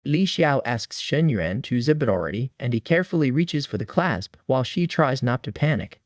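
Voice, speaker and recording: A man's voice: medium pitch, lively intonation, moderate pace, no room sound, studio quality. A man narrating a comic recap in a scripted, wry storytelling manner.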